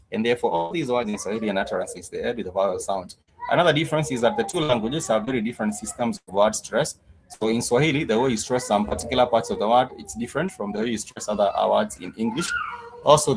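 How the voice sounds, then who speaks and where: A man teaching a live-streamed language lesson, patient and repetitive, with many pauses and "uh" fillers. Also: medium pitch, rough recording. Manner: patient, repetitive, says "uh" often. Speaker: Swahili teacher.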